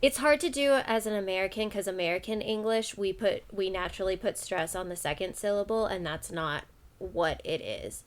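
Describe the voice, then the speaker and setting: A woman's voice: medium pitch, moderate pace. A woman co-hosting a casual podcast, explaining things in a patient, matter-of-fact way. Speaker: podcast co-host.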